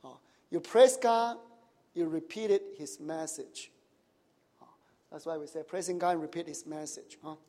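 A man's voice: fairly high pitch, normal speed, pauses often, dark tone. A male pastor preaching to his congregation, asking them questions and tagging sentences with "right?" and "huh?", with nonnative grammar. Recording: long hall reverb.

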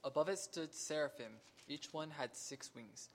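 A male congregant reading a scripture passage aloud in a quiet, measured way. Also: on the high side, slight background noise. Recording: distant in a reverberant hall.

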